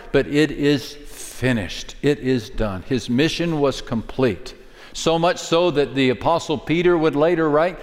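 A male pastor delivering a sermon at an ordinary mid pitch, building to emphatic declarations, then sinking to near-whispers. His voice carries a long reverb, as in a large hall. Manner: dynamic preaching, dropping to a hush for key lines.

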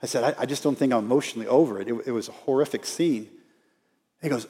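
A man's voice: medium pitch, fast, warm tone. A middle-aged man preaching a sermon in a church, emphatic and conversational, with many rhetorical questions. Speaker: pastor. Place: church sanctuary. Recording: long reverb of a large hall.

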